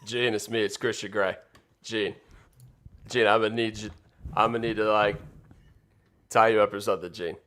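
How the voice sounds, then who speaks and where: Man putting on a deep brooding romance hero, mock-seductive, slow and low, repeats himself. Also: fairly even intonation, fairly bright tone, natural voice. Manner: low, drawn-out, repeating a name. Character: mock-sultry adult male romance hero.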